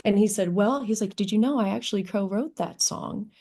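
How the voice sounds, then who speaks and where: A woman from Kentucky, a guest musician, telling stories in a casual interview, animated and laughing often as she acts out quotes. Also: mid-range voice, a little fast. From Kentucky, USA. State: hoarse.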